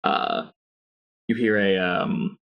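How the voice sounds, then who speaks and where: A man narrating as game master of a tabletop game, describing scenes haltingly with many pauses and restarts. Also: deep voice, fairly even intonation, gravelly, clean tone, lo-fi sound.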